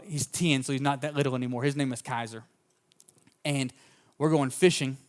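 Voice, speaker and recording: Slightly high-voiced man preaching. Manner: fervent at the open, then relaxed anecdotal storytelling. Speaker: pastor. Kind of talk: sermon with personal storytelling.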